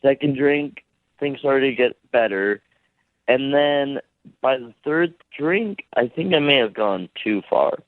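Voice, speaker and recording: Guy calling into a radio show, slow and sheepish, thin phone line sound. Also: medium pitch, animated, no room sound. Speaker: caller. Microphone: telephone.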